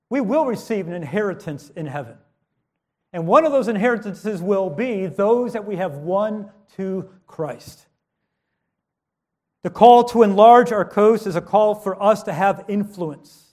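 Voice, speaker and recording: A man's voice: sits high, expressive, a little slow, darkish tone. A man preaching a sermon with strong emphasis, rising and dropping his voice, with modest asides.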